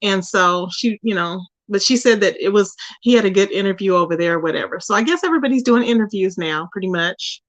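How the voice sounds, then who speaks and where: This live-stream host has a mid-range voice and talks fast with few pauses. She's chatty and animated, reading viewers' comments aloud, speaking to her chat, and using "child" and "y'all" on her casual YouTube stream. No room sound is present.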